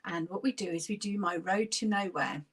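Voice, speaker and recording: A woman's voice: medium pitch, fairly quick, breathy edge. A woman leading a laughter yoga class, giving upbeat, encouraging instructions while she sits. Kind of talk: guided exercise class.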